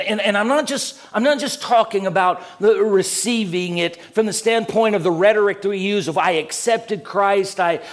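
Earnest preacher man, voice falling low. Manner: earnest, repeats words when building a point; drops low and quiet at the ends of phrases. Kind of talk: sermon.

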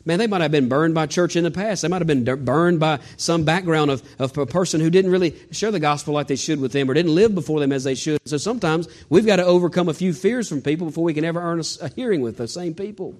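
A pastor delivers a sermon in a voice pitched a little above the usual for a man. He preaches with animation, slipping into quoted voices and restarting phrases as he goes. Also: fast, hardly any pauses, darkish tone.

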